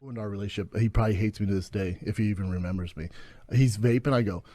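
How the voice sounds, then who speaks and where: A man's voice: fairly low pitch, quick pace, dark tone, no room sound. A man hosting a podcast in casual chat, rambling and repeating himself. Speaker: podcast host.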